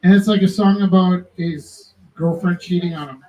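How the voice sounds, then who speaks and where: High-voiced male host, rambling storyteller, dull lo-fi sound. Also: normal speed. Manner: rambling, self-interrupting, animated. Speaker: live art auction host. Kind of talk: casual storytelling to a live audience.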